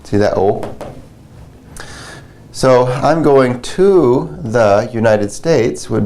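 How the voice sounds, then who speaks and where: A man's voice: mid-range voice, expressive, drawn-out words, long pauses, a little mellow. A man teaching beginner French grammar in a patient, conversational way, repeating and explaining examples.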